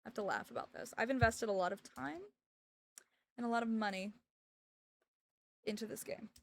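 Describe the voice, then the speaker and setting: A woman's voice: a little high, normal speed, vocal fry. A young woman streaming and chatting casually, ranting sarcastically and laughing often. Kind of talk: casual livestream chat.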